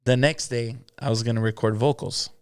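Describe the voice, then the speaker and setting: Brief: mariachi singer, interview guest, smooth clear tone, lively anecdote teller. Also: male voice, mid-range voice, fairly quick. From Los Angeles. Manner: lively storyteller who acts out quotes and mixes in Spanish. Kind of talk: casual storytelling in an interview.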